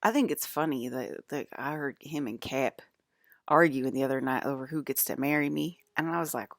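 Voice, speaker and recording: A woman's voice: very deep voice, normal speed, no room sound, clean studio sound. A woman talking straight to her viewers in a loose, rambling monologue, swearing freely and laughing often. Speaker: vlogger.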